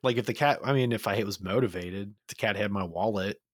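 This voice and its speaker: A man guesting on a podcast in casual chat, making dry, deadpan jokes. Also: on the low side, a little fast.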